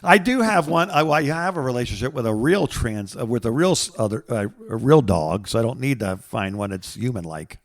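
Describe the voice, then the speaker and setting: A man's voice: medium pitch, a little fast, hardly any pauses. A man co-hosting a podcast, chatting casually and telling stories with frequent giggles. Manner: animated, giggly storytelling. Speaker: podcast co-host. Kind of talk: casual chat.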